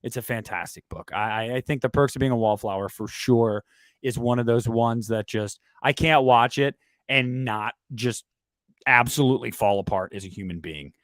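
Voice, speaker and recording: A man co-hosting a casual horror talk stream, animated and emotional, swearing now and then. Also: medium pitch, normal speed, dry recording, clean studio sound. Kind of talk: casual chat.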